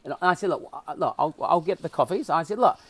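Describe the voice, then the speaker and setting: A man's voice: on the high side, brisk, husky, no echo. A man with a New Zealand accent, a podcast guest telling a story and acting out the dialogue. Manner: acts out dialogue with lively swings in voice. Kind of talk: animated storytelling.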